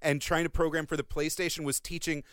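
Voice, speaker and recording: A man co-hosting a relaxed podcast, speaking in a smooth, clear voice pitched a bit high. He explains things with wry asides and dry jokes, recorded close with no room sound. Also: quick pace, no room sound. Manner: wry, explanatory, dryly joking. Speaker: podcast co-host. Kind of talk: casual chat.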